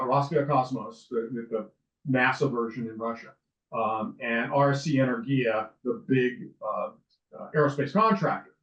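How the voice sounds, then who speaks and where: A man's voice: mid-range voice, reverberant. Man, sixties, lawyer guest, rambling storyteller, muffled dull sound, distant mic. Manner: rambling, with frequent restarts and ums. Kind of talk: casual interview storytelling.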